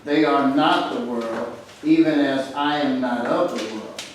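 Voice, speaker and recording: A man in a church Bible study reading scripture aloud in a measured way and adding his own halting thoughts. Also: mid-range voice. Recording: echoey room, far from mic, faint noise.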